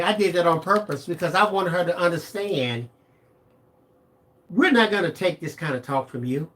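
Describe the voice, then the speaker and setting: A man's voice: high voice, moderate pace, a bit bright. A man helping out on a craft livestream, telling a casual story that rambles and repeats itself. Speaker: co-host helping with digital images.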